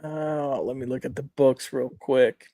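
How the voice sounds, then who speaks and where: A man's voice: medium pitch, fairly even intonation, unhurried, gravelly, warm tone, no room sound, clean studio sound. A man co-hosting a weekly comics podcast in casual chat, reading lines aloud and checking the live chat.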